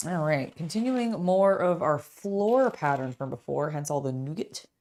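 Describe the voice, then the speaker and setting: A young adult woman, a LEGO builder and channel host, chats in a rambling, filler-laden way during a casual building vlog and talks to her cat. Her voice is low, expressive, slightly mellow, and moderately paced.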